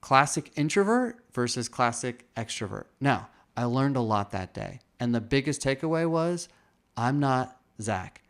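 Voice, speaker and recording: A man's voice: mid-range voice, sing-song, normal speed, few pauses, a bit bright. A man hosting a podcast, telling a reflective personal story in casual talk and acting out the quoted lines. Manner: reflective, acts out quoted dialogue. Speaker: podcast host.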